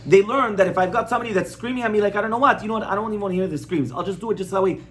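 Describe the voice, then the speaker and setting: A man's voice: sits high, very fast, a bit bright. A male rabbi giving an informal class on parenting, conversational, repeating his points and asking the audience questions.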